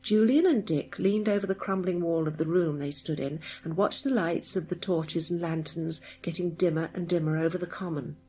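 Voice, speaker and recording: A woman narrating a children's adventure audiobook in a steady, measured way. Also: on the low side, slightly rough.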